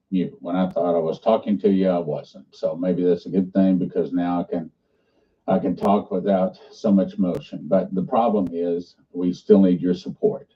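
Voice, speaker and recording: A man leading a ministry makes an earnest, halting fundraising appeal mixed with preaching. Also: deep voice. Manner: earnest, halting, restarts often. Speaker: ministry leader. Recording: muffled, distant played-back clip.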